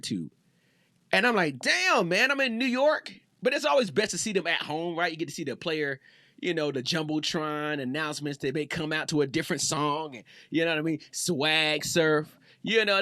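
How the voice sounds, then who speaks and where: A man's voice: high voice, pushed and bright, no echo. Man, thirties, podcast host, casual slangy rant, repeats himself, dry close sound.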